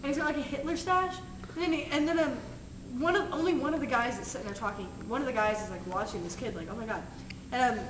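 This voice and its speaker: A woman's voice: sits high, quick pace, recorded from a distance. A young woman casually retelling a movie scene to friends, rambling with lots of "like" and frequent giggles. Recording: echoey room with noise.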